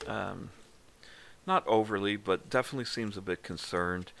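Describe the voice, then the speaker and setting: A man's voice: fairly low pitch, moderate pace, gravelly, a bit bright. A man narrating as game master of a tabletop game in a joking, self-deprecating way.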